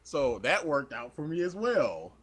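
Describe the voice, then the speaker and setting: A young man tells a long story on a casual podcast, animated and quick to laugh, putting on voices for the people he quotes. His voice is bright and rather high for a man, with pitch that jumps around a lot. Faint noise sits under the recording. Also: slightly rough. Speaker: podcast co-host.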